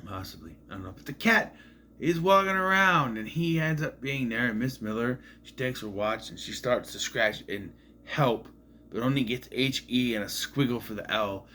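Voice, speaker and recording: A man's voice: medium pitch, normal speed, pushed and bright, a little hiss or hum. A man casually recapping a movie in a rambling, musing way, often admitting he is unsure. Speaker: movie reviewer.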